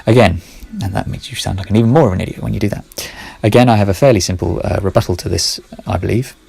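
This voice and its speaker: Low gravelly man rambling through his thoughts. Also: quick pace, darkish tone, no echo. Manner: rambling, self-correcting, muttering asides. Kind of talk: casual spoken monologue.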